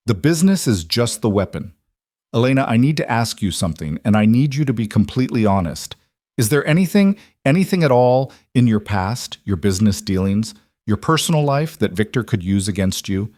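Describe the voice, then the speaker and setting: A man voicing a blunt, seasoned woman lawyer who lays out warnings in a brisk, firm way in an audio story. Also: on the low side, animated, darkish tone, no room sound, clean studio sound, lightly acted.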